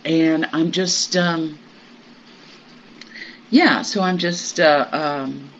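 A group member sharing personal news in a meditation group, halting and reflective, with many pauses and fillers. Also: mid-range voice, fairly even intonation, fairly bright tone. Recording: muffled recording with faint hiss.

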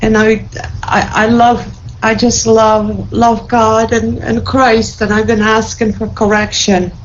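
A woman's voice: on the high side, level tone, slow, highs cut off, a little hiss or hum. A woman sharing an emotional spiritual testimony in a group, fervent and tearful with joy, repeating her thanks and blessings.

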